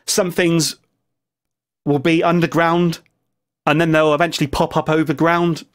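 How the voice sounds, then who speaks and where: Male vlogger, rambling and jokey, fairly high pitch, casual asides. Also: level tone, measured pace, long pauses. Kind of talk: casual opinion vlog commentary.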